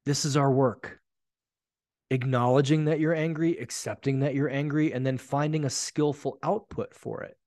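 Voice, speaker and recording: A man's voice: mid-range voice, a little mellow, dry recording, studio quality. A man in his forties hosting a solo podcast, telling stories bluntly and with frequent swearing. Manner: blunt, profane, emphatic storytelling. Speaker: podcast host.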